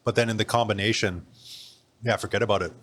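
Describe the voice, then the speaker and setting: Relaxed man with a lowish voice. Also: fast talker. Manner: relaxed, thinking aloud, many fillers. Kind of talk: casual chat.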